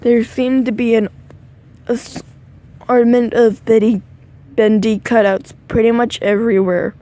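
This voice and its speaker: A drowsy woman reads a second-person story aloud at a slow, unhurried pace, her voice mellow and soft-edged. She stumbles over words now and then and stops to comment on what she reads. She is recorded on a phone mic. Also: on the high side, little pitch movement. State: sleepy, yawning. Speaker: reader of fan fiction. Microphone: phone microphone.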